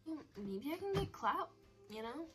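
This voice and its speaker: Teen girl rambling at her phone cam, kinda high voice, jokey about herself, faint music behind. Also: very animated, normal speed, rough recording. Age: teens. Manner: rambling, self-mocking, chatty. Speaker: vlogger. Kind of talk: casual chat to camera.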